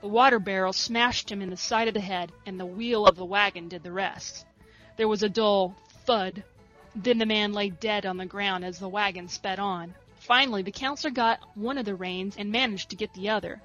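A woman reading a story aloud in a soft, steady narration. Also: mid-range voice, moderate pace, lo-fi sound, faint music behind. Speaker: reader.

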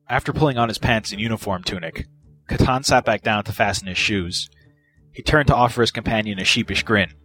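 A man narrating fan fiction in a steady, measured way. His voice sits low, and soft music plays faintly underneath. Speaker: reader.

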